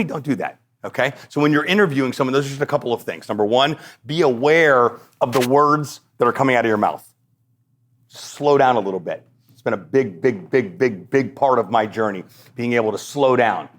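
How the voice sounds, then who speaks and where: A man hosts a solo podcast and teaches his listeners in a blunt, energetic, joking way. His voice sits in the middle register. He slips into quick acted-out exchanges to make his points. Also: mid-range voice. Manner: blunt, energetic, jokey, acts out quoted exchanges. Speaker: podcast host and coach.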